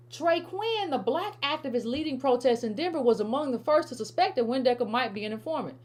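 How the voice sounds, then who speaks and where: A woman's voice: high-pitched, lively intonation, fast, hardly any pauses, darkish tone. A woman hosting political commentary in a casual, emphatic style, often repeating herself and restarting sentences as she talks straight to her viewers. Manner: emphatic, repetitive, stammering restarts, addresses viewers as family. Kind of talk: casual direct-to-camera commentary.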